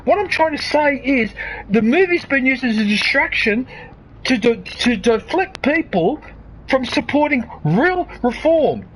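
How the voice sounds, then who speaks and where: A man's voice: very high-pitched, very animated, unhurried, a bit bright, slightly rough, poor audio. A man streaming a game and giving casual commentary. He gets worked up and rants, often restarting and repeating his words. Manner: worked up, ranting, repeats himself. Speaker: gaming streamer. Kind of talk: casual ranting commentary over gameplay.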